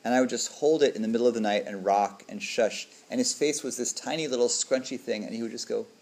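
A man's voice: medium pitch, quick pace, a little mellow, slight background noise. A man, a dharma teacher, giving a reflective, conversational talk to a group and often asking "right?".

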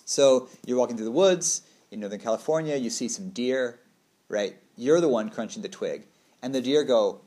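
A man explaining things as a trauma therapist, casual and conversational, with a middling pitch. He keeps checking in with the listener and slips into playful acted-out voices. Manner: relaxed, conversational, checks in with "right?"; acts out quoted voices playfully.

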